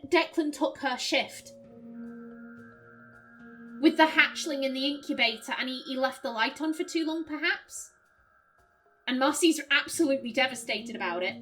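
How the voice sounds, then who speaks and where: High-voiced woman thinking aloud. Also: a bit bright. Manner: reads clues aloud, muses and laughs easily. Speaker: let's play host. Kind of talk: thinking-aloud puzzle game commentary.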